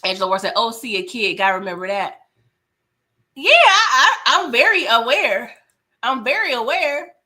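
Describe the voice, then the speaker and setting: A woman hosting a casual live-stream TV recap, animated and laughing as she talks back to the characters. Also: on the high side, normal speed. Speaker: TV recap host.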